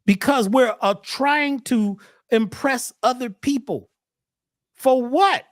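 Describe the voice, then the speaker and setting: A man as a podcast guest talking casually in an animated, preachy way, often repeating words as he starts a thought. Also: extremely high pitch, slow, no room sound, studio quality.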